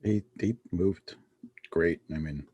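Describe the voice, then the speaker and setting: Relaxed male guest, low raspy voice, dry sound. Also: takes it slowly, dry recording, lo-fi sound. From Navajo Nation, United States. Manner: laid-back, few words, swears casually. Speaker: podcast guest. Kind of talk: casual film chat.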